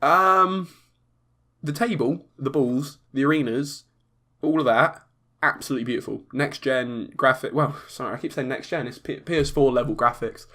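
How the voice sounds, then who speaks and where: A young man hosting a solo podcast, talking in a chatty, excitable way with frequent restarts. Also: medium pitch, moderate pace. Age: young adult. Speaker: podcast host. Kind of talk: casual solo podcast commentary.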